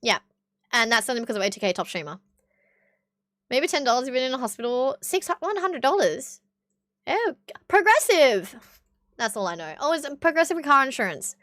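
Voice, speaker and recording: A woman's voice: high voice, big pitch swings, brisk, pauses often, a bit bright, no echo, clean studio sound. A young woman with an Australian accent chatting bluntly with her stream viewers, swearing often. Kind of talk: casual chat with stream viewers.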